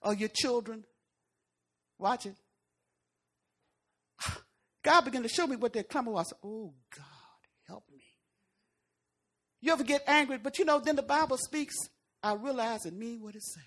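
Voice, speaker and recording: A woman preacher giving a folksy, conversational sermon, swinging from loud emphatic lines to hushed asides. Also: a little high, normal speed, long pauses.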